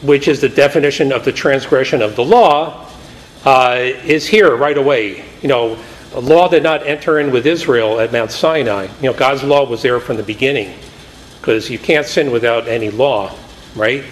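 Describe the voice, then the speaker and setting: A man's voice: medium pitch, normal speed, low-quality recording. A man preaching a Bible study sermon in a conversational way, paraphrasing scripture and acting out the quotes with energy.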